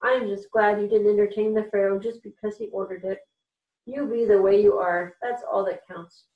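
A woman reading aloud and voicing a kind young boy who speaks earnestly and gently. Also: mid-range voice, steady tone, normal speed, recorded from a distance, phone-quality sound, close to an everyday voice. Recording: echoey room, voice off-mic.

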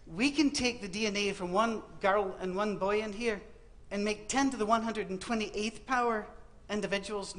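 A man's voice: high voice, a bit bright. A man with a West Virginian accent giving a humorous sermon talk to students, telling stories with wry, dry punchlines. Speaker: preacher speaking to students.

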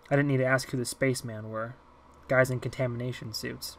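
A man narrating a novel as an amateur audiobook reader, in a plain, steady way. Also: mid-range voice, fairly quick.

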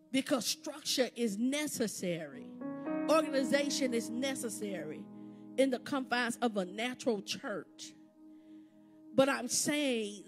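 High-voiced woman preaching over music. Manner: preaching cadence, builds to fervent exhortation with repeated phrases. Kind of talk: sermon. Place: church sanctuary. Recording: live church service with background music. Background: instrumental music playing under the sermon.

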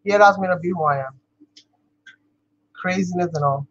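A woman's voice: fairly low pitch, normal speed, highs cut off. Chatty New woman crafting vlogger. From New York. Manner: chatty, laughs often, talks to viewers as "you guys". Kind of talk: casual chat while crafting.

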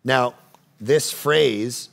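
A man preaching a sermon as pastor, swinging from loud urgent appeals to quiet teaching. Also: mid-range voice, drawn-out words, gravelly. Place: church stage.

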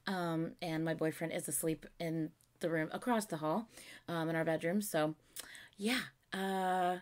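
A young woman reacting to a music video at home, gushing with excitement while keeping her voice down so she doesn't wake anyone. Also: sits low, unhurried. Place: home, early morning.

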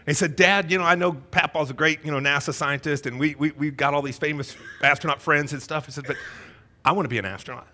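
Middle-aged male pastor, bright, slightly high voice, animated storytelling sermon in a church. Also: fast. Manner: storytelling, animated, shifts between hushed and emphatic. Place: church sanctuary.

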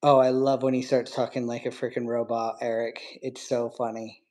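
A woman's voice: extremely low pitch, flat delivery, normal speed, darkish tone. A woman hosting a casual livestream, chatting with viewers and cooing baby talk to her pet bird.

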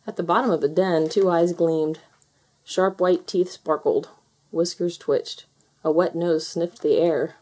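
A woman reading a children's picture book aloud with gentle, expressive storytelling. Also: lowish voice, unhurried, husky. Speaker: storybook reader.

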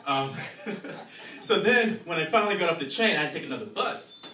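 A young man doing a live stand-up routine, telling animated stories and shouting his punchlines. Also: fairly high pitch, fairly quick. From New York. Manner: animated storytelling with shouted punchlines and frequent "you know what I'm saying". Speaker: stand-up comedian. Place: small live venue. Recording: roomy, distant, noisy live recording.

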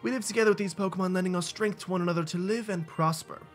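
A man's voice: high voice, very fast, soft background music, close to an everyday voice. A man voicing a suave male game professor, reading his lines in a put-on, not quite convincing French accent. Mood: grand. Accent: fake French. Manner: grand, theatrical welcome speech. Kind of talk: reading game dialogue aloud.

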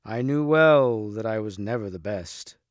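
A man voicing a proud but humbled knight who speaks in a quiet, rueful way for a storybook reading. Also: lowish voice, lively intonation, a little slow, no echo, clean studio sound, voice pushed down.

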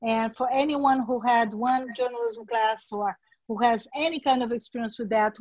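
A high-pitched woman gives a workshop talk over a video call. She speaks in a direct, coaching tone, and her voice comes through dry and slightly dull. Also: no room sound. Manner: direct, coaching tone, acts out sample interviews. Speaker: workshop presenter. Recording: dry, dull webinar audio.

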